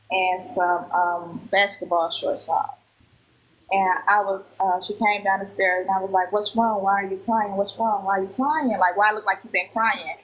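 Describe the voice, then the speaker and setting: A woman's voice: on the low side, poor audio. A woman in her thirties from Milwaukee, a witness telling her account in a casual live stream and acting out what people said. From Milwaukee, Wisconsin. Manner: recounts events with acted-out quoted dialogue. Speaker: witness guest.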